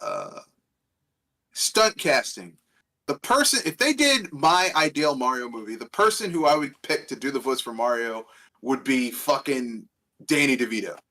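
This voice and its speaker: A man co-hosting a podcast in casual chat. He is animated and profane and laughs often. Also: mid-range voice, normal speed. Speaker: podcast co-host.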